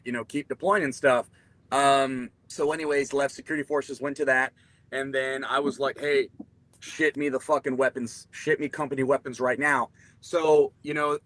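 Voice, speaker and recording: Bright-voiced man telling profane stories. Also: mid-range voice, dry recording. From United States. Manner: profane, animated, acts out quoted voices. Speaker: podcast guest, Marine veteran. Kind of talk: casual storytelling.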